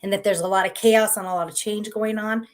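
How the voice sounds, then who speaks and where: A woman's voice: medium pitch, steady tone, fairly quick. Upbeat woman hosting an inspirational talk. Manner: upbeat, gently encouraging, conversational. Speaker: host. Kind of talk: live-streamed inspirational talk show.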